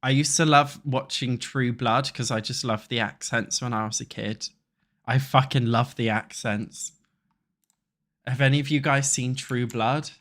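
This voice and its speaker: Speaking at a measured pace with fairly even intonation, this young gaming YouTuber from England has a mid-range, slightly bright voice. He talks through his gameplay in a building game, musing aloud about what he's constructing. Loose and rambling, he curses often and banters with his audience.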